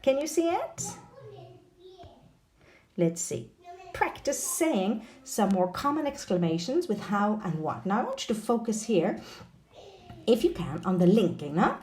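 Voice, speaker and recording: Lively woman teaching pronunciation. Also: mid-range voice, moderate pace. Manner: animated, checks in with a frequent "no?"; exaggerates stressed syllables when modelling. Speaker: English teacher. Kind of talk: pronunciation lesson, modelling intonation.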